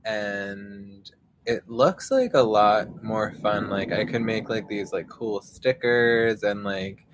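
Slow, low-voiced man rambling on a podcast. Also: a little hiss or hum. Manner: rambling, lots of fillers and casual swearing. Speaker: podcast host. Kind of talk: casual live podcast monologue. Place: outdoors.

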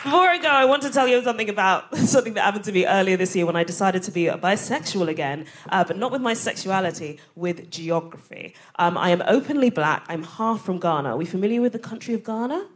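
A woman's voice: mid-range voice, expressive, a little hiss or hum. A woman with a posh London accent doing a cheeky, punchy stand-up set on a theatre stage. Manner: cheeky, quick storytelling, punchy. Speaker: stand-up comedian. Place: theatre stage before a live audience.

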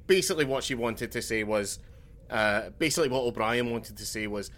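A man's voice: medium pitch, brisk, fairly bright tone, a little hiss or hum. A man co-hosting a podcast, casual chat with dry, sweary humour. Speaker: podcast co-host.

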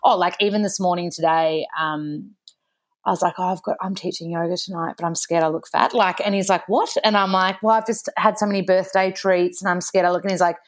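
A woman's voice: on the low side, steady tone, a little fast. Chatty Australian woman telling stories. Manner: chatty storytelling, acting out quoted exchanges, frequent "like". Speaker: guest. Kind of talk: casual podcast chat.

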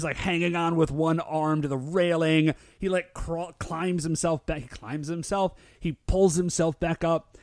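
A male podcast co-host in a casual recap chat, excitable and full of "like" fillers. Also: fairly high pitch, no echo, clean studio sound. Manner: excitable, filler-heavy with lots of "like".

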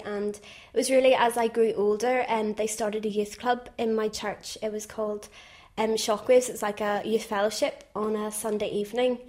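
Young woman, level even tone. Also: mid-range voice. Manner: casual, thoughtful, with fillers. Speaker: interviewee. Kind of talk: personal testimony.

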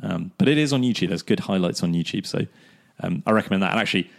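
A man with a fairly low voice chats wryly on a casual sports podcast. He laughs easily and pads his thoughts with ums. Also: expressive, quick pace, creaky. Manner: chatty, wry, laughs often, thinks aloud with fillers. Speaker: podcast co-host. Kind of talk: casual cricket podcast chat.

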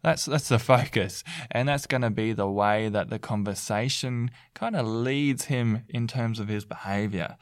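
A man's voice: medium pitch, unhurried, few pauses, dry recording, studio quality. A man speaking as a parenting counselor in a mock counseling session, earnest and coaxing, with lots of fillers and restarts.

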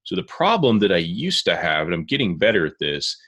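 A man hosting an interview, asking questions and sharing his own story in a relaxed, chatty way. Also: deep voice, fairly quick, husky. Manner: relaxed and chatty, many fillers. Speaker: host. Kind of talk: casual interview chat.

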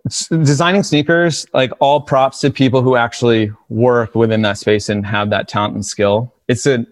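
A man's voice: medium pitch, normal speed, no room sound. Guy in his 40s on a podcast, tells stories, does the voices, dry studio sound. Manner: animated, acts out quoted voices. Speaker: streetwear brand founder, podcast guest. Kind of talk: casual storytelling.

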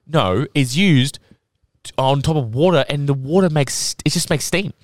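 A man's voice: on the high side, normal speed, no room sound, studio quality. A man hosting a podcast in casual chat, rambling, laughing often and swearing freely. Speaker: podcast host.

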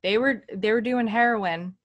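Slow-talking woman telling podcast anecdotes. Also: on the high side, dry recording, dull audio. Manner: unhurried, animated anecdote-telling. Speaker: podcast co-host. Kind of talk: casual chat. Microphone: studio microphone.

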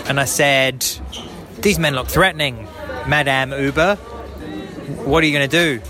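A Canadian man hosting a podcast, chatting casually and telling a travel story with lively impressions. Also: medium pitch, a little slow, over music, a crowd in the background. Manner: animated storyteller, mimics voices. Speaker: podcast host.

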